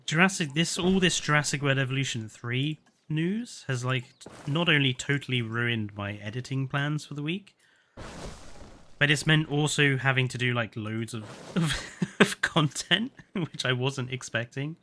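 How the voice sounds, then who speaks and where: Young male streamer, bright tone, loose chatty delivery, tired. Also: mid-range voice, normal speed, a little hiss or hum. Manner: chatty, laughs often, stumbles over names. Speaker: gaming streamer. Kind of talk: casual live-stream chat.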